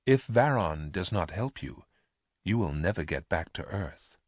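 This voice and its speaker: A man voicing a calm, powerful male alien in a storybook reading, speaking quietly and measured. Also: low-pitched, no room sound, studio quality.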